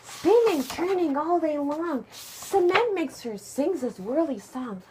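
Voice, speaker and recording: A woman who speaks Japanese natively, reading a picture book aloud to her child at home at bedtime, expressive and hushed at times. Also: high voice, slow, background noise. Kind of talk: bedtime story read-aloud.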